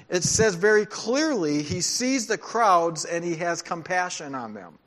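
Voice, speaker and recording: A male pastor delivers a sermon in a conversational way, his voice sitting a little higher than most men's. He often drops into quiet, emphatic asides to press a point home. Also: lively intonation, unhurried, hardly any pauses.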